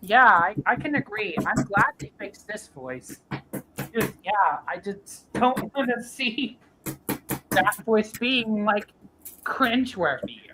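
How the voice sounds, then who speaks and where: A woman's voice: mid-range voice, very noisy. A woman hosting, chatting casually about voices and laughing often. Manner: giggly, slow and animated. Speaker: host. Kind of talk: casual chat reviewing voices.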